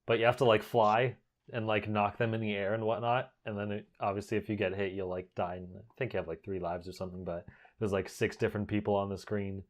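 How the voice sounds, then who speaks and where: A man hosting a podcast in casual chat, relaxed and giggly, steering the talk from topic to topic. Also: on the low side, fast talker. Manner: laughs often, relaxed, steers the conversation. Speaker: podcast host.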